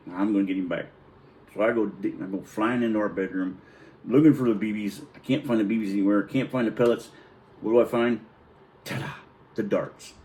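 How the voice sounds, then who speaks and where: Middle-aged man, low voice, rambling and profane, animated when acting out quotes. Faint background noise. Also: low-quality recording. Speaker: storyteller. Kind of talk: casual personal storytelling.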